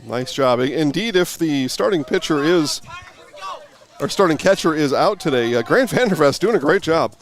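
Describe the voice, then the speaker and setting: A man calling baseball play-by-play outdoors, rising with excitement on big plays. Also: fairly high pitch, moderate pace. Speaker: play-by-play announcer.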